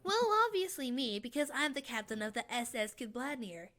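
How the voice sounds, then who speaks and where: A woman's voice: a little high, expressive, a little fast, sharp tone. A woman voicing a bossy young female hacker who plays pirate captain, barking orders in pirate talk. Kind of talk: fan abridged series voice acting.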